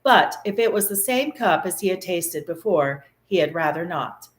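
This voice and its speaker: A woman reading a classic novel aloud with expressive, animated storytelling, in a room of an old mansion. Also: lowish voice, normal speed. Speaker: reader. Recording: echoey room.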